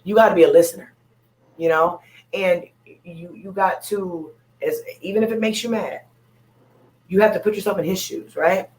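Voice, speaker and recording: A woman's voice: fairly low pitch, normal speed, darkish tone, low-quality recording. A woman speaking on an open panel, talking candidly and bluntly, repeating her points for emphasis. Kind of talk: candid casual chat.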